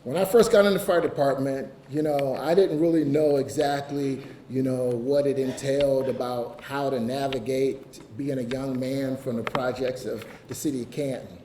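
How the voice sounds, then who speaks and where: A man from Ohio in the United States gives an emotional, earnest speech as fire chief at a ceremony, often saying "you know." His voice is warm and medium-pitched, with fairly even intonation, normal speed and hardly any pauses. The mic is distant in an echoey room, with faint hiss.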